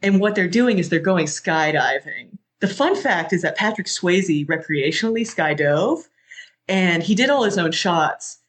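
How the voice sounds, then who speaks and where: Rich: A podcast host recounts a film scene in relaxed, chatty talk. The delivery is animated and full of fillers, with casual swearing and a mid-range pitch. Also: unhurried.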